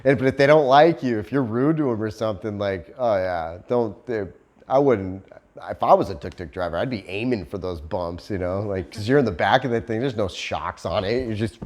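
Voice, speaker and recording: A man's voice: on the low side, lively intonation, fairly quick, darkish tone. Man, casual storytelling, laughs a lot, profane, acts out voices. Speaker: vlogger. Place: living in Cambodia.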